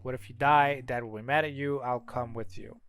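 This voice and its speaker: A man's voice: mid-range voice, steady tone, normal speed, a bit bright, smooth, faint music behind, close to an everyday voice. A man voicing a nervous young girl, the little sister of a cocky mage, in a slightly raised voice. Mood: worried.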